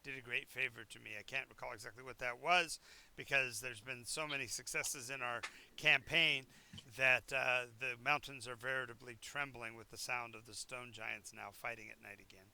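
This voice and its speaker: A man's voice: mid-range voice, steady tone, moderate pace, gravelly, sharp tone, clean tone, voice pushed down. A man doing a blustering giant lord. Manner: blustering, grandiose. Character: boastful male giant lord, grandiose and vague.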